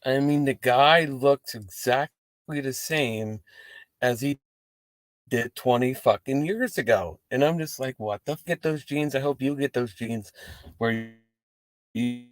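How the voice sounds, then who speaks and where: A man's voice: mid-range voice, slow, no echo. Man ranting casually from his car. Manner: rambling, profane, animated asides. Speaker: wrestling show host. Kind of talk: casual talk to camera. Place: inside a parked car.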